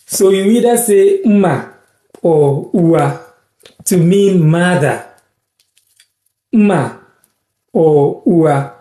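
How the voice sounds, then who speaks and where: A man from Ghana teaching words in a casual live-stream lesson, repeating each word slowly and thanking viewers by name. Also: high-pitched, warm tone, echoey room.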